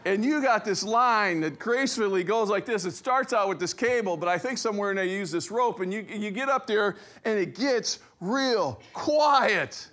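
A middle-aged man preaching a sermon, telling a personal story with lively acted-out quotes. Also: high voice, normal speed, few pauses. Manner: animated storyteller, acts out quoted voices. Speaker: pastor.

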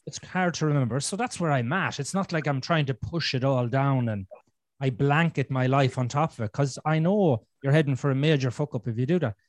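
A man's voice: medium pitch, fairly quick, dry recording. A man with an Irish accent talking bluntly and swearing freely as a podcast guest in a casual conversation.

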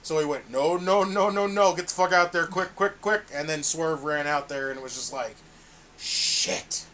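High-voiced man ranting about wrestling. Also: a little fast, fairly bright tone, a little hiss or hum. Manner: ranting, exasperated, swears constantly. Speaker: podcast co-host reviewing wrestling. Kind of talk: casual profane chat.

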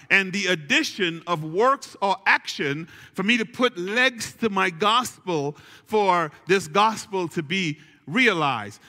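High-voiced, bright preacher in a reverberant hall. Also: male voice. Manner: preaching with call-and-response, slow emphatic repetition. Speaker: pastor. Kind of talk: sermon.

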